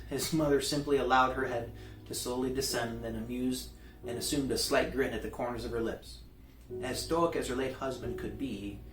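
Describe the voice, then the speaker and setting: A man reading a novel aloud in a relaxed way, with small restarts. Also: mid-range voice. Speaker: reader. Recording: roomy, distant mic, faint guitar music.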